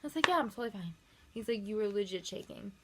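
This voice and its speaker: A woman's voice: medium pitch, expressive, sharp tone, breathy edge. A young woman vlogger chatting casually and rambling through a story while doing her makeup. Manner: rambling, filler-heavy, quick asides.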